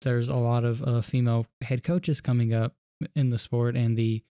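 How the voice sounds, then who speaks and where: A man's voice: medium pitch, flat delivery, normal speed, dark tone, no echo, clean studio sound. A man in casual podcast chat, blunt and profane, ranting about sports rules.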